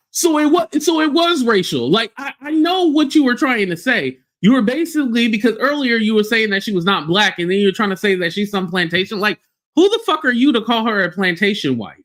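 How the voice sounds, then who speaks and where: A man hosting a livestream, giving blunt, heated commentary with swearing and quick acted-out quotes. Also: sits high, expressive, a bit bright.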